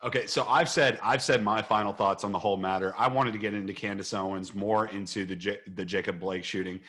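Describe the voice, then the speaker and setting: Male podcast host, low husky voice, lively swinging pitch, loose swearing chat. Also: fairly quick. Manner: animated, swears freely.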